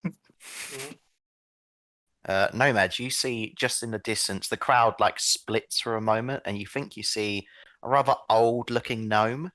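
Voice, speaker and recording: A man's voice: lowish voice, fairly even intonation, measured pace, sharp tone, no echo. A man narrating a tabletop game as game master, laid-back and descriptive.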